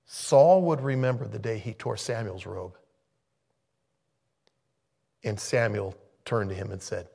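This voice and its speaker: A man's voice: lowish voice, unhurried, gravelly, long pauses, warm tone, husky. A man preaching a sermon in a conversational way, thinking aloud and interrupting himself. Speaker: pastor.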